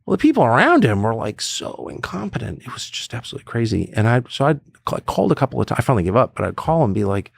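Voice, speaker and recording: A man's voice: mid-range voice, very animated, rapid-fire, creaky, few pauses, slightly rough, no room sound. A middle-aged man, a political commentator, talking bluntly and emphatically in a podcast conversation, acting out the voices he quotes. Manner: blunt, swears.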